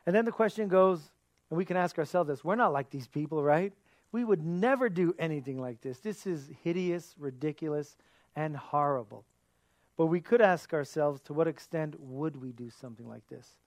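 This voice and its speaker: A man's voice: a little high, normal speed, no echo. A man giving a sermon as a pastor, earnest, asking his listeners rhetorical questions.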